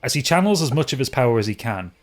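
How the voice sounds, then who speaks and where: A British man narrating a tabletop game as game master, descriptive and unhurried, with frequent fillers. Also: mid-range voice, big pitch swings.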